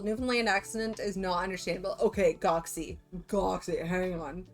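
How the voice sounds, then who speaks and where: A woman's voice: on the low side, steady tone, normal speed, hardly any pauses, soft background music. A woman from Canada with a Canadian accent, chatting casually and rambling with lots of fillers as she streams to viewers.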